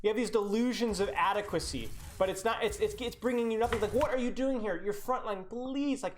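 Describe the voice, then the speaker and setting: A man's voice: high voice, fairly quick, few pauses. A young man coaching a team over a live stream, reviewing their gameplay with blunt, teasing critique and lots of casual fillers. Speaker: game coach.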